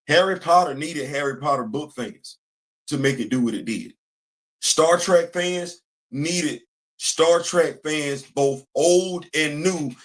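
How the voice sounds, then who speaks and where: This commentary-channel host has a fairly high voice and an animated, casual delivery. He loops back on the same phrases and plays both sides of a call-and-response with himself.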